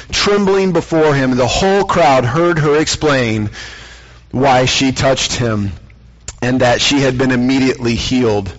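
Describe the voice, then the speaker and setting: A man preaching a sermon, telling a story and slowing down for dramatic emphasis. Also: on the high side. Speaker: pastor. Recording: dull lo-fi sound.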